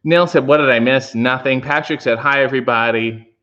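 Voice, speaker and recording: A man's voice: fairly quick, lo-fi sound. A man hosting a livestream, reading viewer comments aloud and answering with dry, sarcastic asides. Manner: dry sarcastic asides, animated pitch swings. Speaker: livestream host reading chat.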